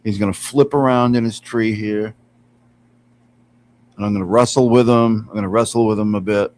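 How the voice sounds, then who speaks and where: Low-voiced man chatting on a stream. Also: steady tone, moderate pace, a little mellow, rough recording. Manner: chatty, laughs often, coos at his cat. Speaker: live streamer. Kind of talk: casual live-stream chat. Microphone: computer mic some distance away.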